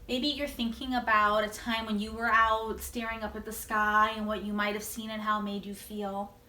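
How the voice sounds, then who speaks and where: Encouraging teacher with a bright, echoey sound. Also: female voice, medium pitch, flat delivery, normal speed. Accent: American. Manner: gentle, encouraging, invites children to join in. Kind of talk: video lesson for children.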